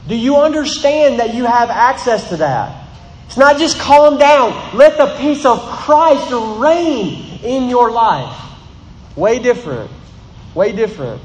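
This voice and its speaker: A man's voice: sits high, echoey room, in a large hall, a little hiss or hum, rough recording. A man preaching a sermon to a congregation, emphatic, repeating phrases and rising in bursts. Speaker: pastor. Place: large room with congregation.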